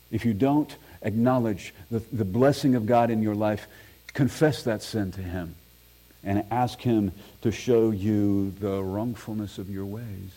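Pastor guy preaching in church on a mic, warm mellow voice, earnest, reads scripture out loud. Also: medium pitch, poor audio. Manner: earnest preaching, reads scripture aloud, self-deprecating asides. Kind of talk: sermon. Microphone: microphone.

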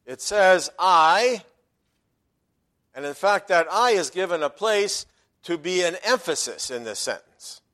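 Here a man gives a sermon as a pastor, his pitch a touch high for a male voice. Expressive and slightly slow, he preaches with force, going hushed on asides and loud when reciting a verse.

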